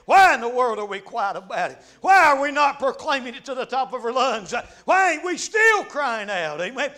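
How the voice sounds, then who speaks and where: A man preaching a fervent revival sermon, dropping frequent amens and breaking into shouts. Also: very high voice, big pitch swings, moderate pace.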